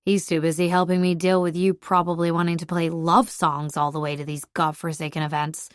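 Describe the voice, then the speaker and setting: Gruff grumbling young man, read by a woman. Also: on the low side, little pitch movement, a little fast, no echo, clean studio sound, close to an everyday voice. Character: grumpy young man, prickly rival driving an old truck. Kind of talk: audiobook character voice.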